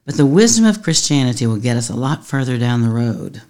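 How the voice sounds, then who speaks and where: A woman's voice: rumbling low, big pitch swings, a little fast, darkish tone. A woman pastor talks through her podcast in an earnest, conversational way. She laughs easily and sounds like she is chatting, not preaching from a pulpit. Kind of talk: teaching podcast monologue.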